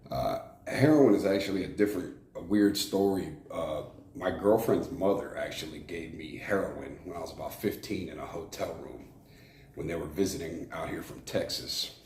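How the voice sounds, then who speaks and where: A man's voice: low-pitched, normal speed, darkish tone. A man from Arizona, a former prison shot caller, telling his life story frankly in an interview, rambling with fillers and restarts. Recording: echoey room with faint noise.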